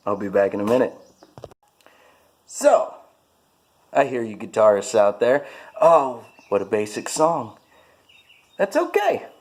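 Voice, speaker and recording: A man talking casually to camera about his hobbies, rambling and self-mocking, with many fillers. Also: medium pitch. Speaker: vlogger showing his hobbies.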